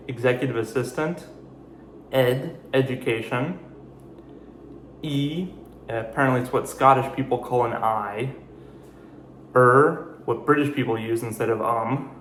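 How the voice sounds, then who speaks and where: A man hosting a casual video explainer, giving deadpan definitions with jokey asides. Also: medium pitch, reverberant, slight background noise. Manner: dry, jokey asides between slow definitions. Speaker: video host. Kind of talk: casual explainer reading a word list.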